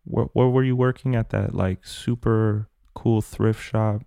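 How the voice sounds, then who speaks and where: Man, French native speaker, low gravelly voice, dry close sound, relaxed chatty host. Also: a little slow, no room sound. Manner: relaxed, chatty, friendly storytelling. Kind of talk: casual podcast chat.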